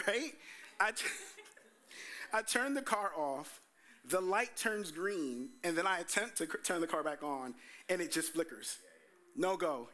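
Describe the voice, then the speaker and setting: Preaching at a measured pace, this young adult man, a pastor, has a fairly high voice. His sermon is animated storytelling in which he acts out quotes and quotes himself in voices.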